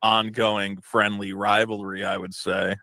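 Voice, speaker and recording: A man's voice: on the low side, little pitch movement, measured pace, gravelly, sharp tone, no echo. A man as a guest in a casual interview, easygoing and wry.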